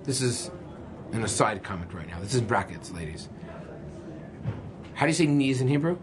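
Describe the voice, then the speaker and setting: A man rabbi teaching an informal class, lively and quizzing the class, often acting out voices. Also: mid-range voice, moderate pace, background noise. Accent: Canadian. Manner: lively, acts out voices, asks the class questions.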